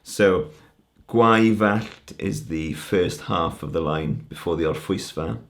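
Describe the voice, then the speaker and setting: A man's voice: extremely low pitch, a little slow, creaky. A man giving a conference talk that explains Welsh poetry, breaking words down patiently syllable by syllable. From Wales. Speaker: language teacher.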